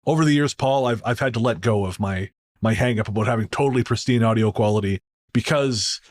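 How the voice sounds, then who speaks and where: A man's voice: medium pitch, fairly quick. A man hosting a podcast in a casual, joking, storytelling way. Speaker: podcast host.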